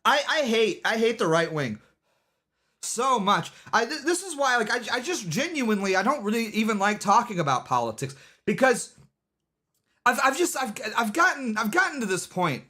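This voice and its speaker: Rambling male streamer with a lively voice. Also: very high-pitched, moderate pace. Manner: rambling, repeats himself, lots of restarts. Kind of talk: casual livestream commentary.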